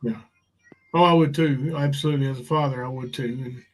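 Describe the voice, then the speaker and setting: A man hosting an interview, asking questions and agreeing in quick, sympathetic interjections. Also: medium pitch, steady tone, rough recording. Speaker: host. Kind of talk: talk-show interview.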